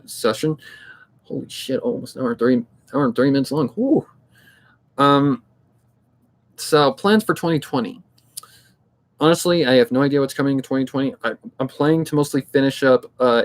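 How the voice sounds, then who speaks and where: A man chatting casually as a hobby narrator, rambling, blunt and swearing freely, giving pep-talk advice and repeating himself. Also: medium pitch. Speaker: fan audiobook narrator.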